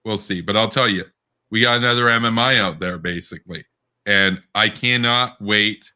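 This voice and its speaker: A man co-hosts a casual political podcast in a low voice with a sharp, forceful edge. He rambles, doubles back on his words and laughs often as he talks. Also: moderate pace, clear, resonant tone. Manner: rambling, with frequent restarts and laughter. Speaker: podcast co-host.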